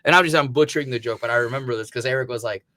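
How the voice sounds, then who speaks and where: A man's voice: medium pitch, very fast, bright, forceful tone, dry recording. A man from Missouri, a podcast host, telling stories in casual chat and swearing freely. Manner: rambling storyteller, swears freely.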